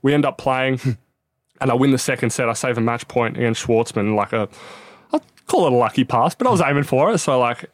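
A man's voice: mid-range voice, animated, brisk, no echo. A young Australian man, a tennis player, telling a story in casual chat, full of "like" and swearing. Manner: swears freely, story full of "like" and quoted self-talk. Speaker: professional tennis player guest.

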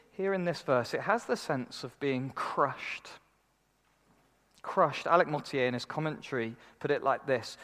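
A man's voice: mid-range voice, fairly bright tone. A man preaching a sermon in an earnest, conversational way, often repeating words as he starts a thought.

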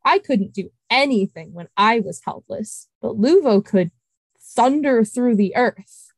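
A woman's voice: on the high side, animated, measured pace, husky, no echo. Woman reading her fantasy novel aloud. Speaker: podcast host and author reading her novel.

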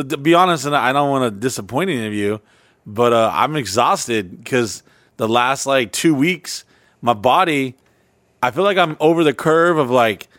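A man co-hosting a podcast in casual chat, telling profane stories loudly and jumping up in pitch. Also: no room sound. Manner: profane, loud storytelling with sudden pitch jumps. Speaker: podcast co-host.

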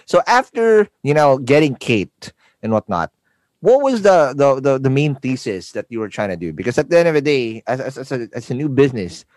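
A Filipino man hosts a podcast in a casual, digressive way, stumbling over repeated words as he builds his questions. His pitch rises and falls with lively swings. The sound is dry and close, with almost no room around it. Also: a little fast, no echo. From Philippines. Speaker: podcast host. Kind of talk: casual interview.

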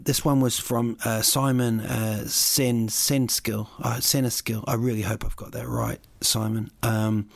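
A man's voice: mid-range voice, gravelly, dry recording. A man hosting a solo podcast, rambling through listener questions with jokey, playful asides. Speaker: podcast host. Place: lives in Sweden.

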